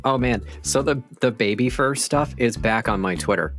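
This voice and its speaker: A man's voice: mid-range voice, lively intonation, normal speed, a bit bright, faint music behind. A man co-hosting a podcast, telling a story in wry, self-deprecating casual chat. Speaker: podcast co-host.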